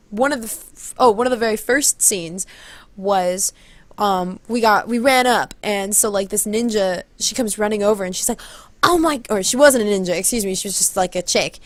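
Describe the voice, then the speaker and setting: A woman telling a long story casually on her vlog, rambling and acting out quotes, speaking into a close handheld mic. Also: dry recording. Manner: rambling, animated, acts out quotes in high voices. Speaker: vlogger. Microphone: handheld corded mic held close.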